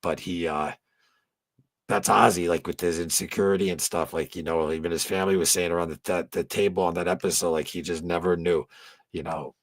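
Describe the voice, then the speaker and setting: A man's voice: deep voice, steady tone, brisk, no echo. A man hosting a fan channel in a casual late-night live stream chat, rambling along and swearing freely. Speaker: host of a fan tribute channel.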